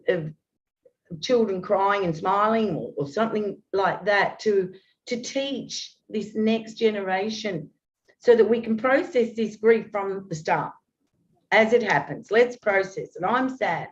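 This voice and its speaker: A woman in her fifties, a guest talking earnestly and at length, with many restarts. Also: medium pitch. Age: 50s. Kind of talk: open, heartfelt conversation. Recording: dull lo-fi audio.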